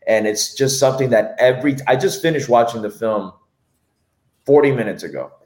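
A man co-hosting a podcast, reviewing a film in a casual chat, telling animated stories and swearing freely. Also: medium pitch, brisk, roomy sound. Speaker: podcast co-host.

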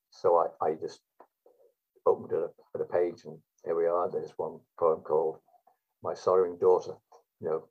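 A man tells anecdotes as a guest, rambling and hesitant. His voice is lowish, gravelly and husky. The recording is dull and lo-fi. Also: steady tone, normal speed. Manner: rambling, hesitant, many fillers. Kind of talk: anecdotal storytelling.

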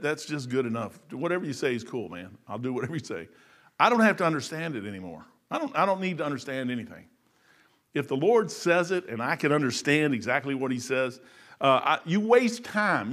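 A man preaching a folksy, animated sermon, acting out voices and laughing as he goes. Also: a little high. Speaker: lay preacher.

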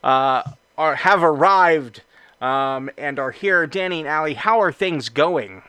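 A man's voice: fairly high pitch, takes it slowly, bright, forceful tone, clear, resonant tone, dry recording. A man hosting a podcast in casual, upbeat chat with plenty of fillers. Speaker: podcast host.

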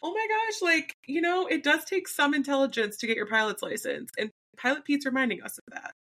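A young woman in a casual recap podcast, playful and gushing. Her voice is bright and a bit high, and she keeps acting out quotes in quick bursts. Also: lively intonation. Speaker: podcast co-host.

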